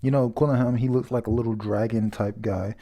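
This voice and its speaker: Male reviewer, casual and rambling, mellow voice, rereads lines aloud when he stumbles. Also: medium pitch, steady tone, fairly quick. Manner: rambling, many fillers, reads quotes aloud, stumbles and restarts. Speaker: manga chapter reviewer. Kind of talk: casual manga chapter review.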